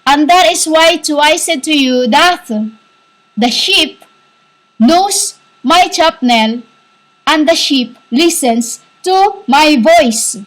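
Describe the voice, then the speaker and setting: A woman giving a rambling spiritual monologue, halting and repetitive, scolding her listeners as "humans". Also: sits high, rough recording. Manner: scolding, insistent. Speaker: self-styled spiritual teacher.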